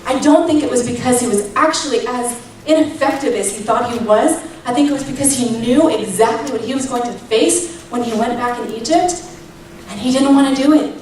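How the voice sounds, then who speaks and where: A woman's voice: on the high side, a little fast, a little mellow. Woman teaching Bible study in echoey room. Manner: candid and personal, with emphatic rises. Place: church room. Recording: echoey room, distant mic, faint noise.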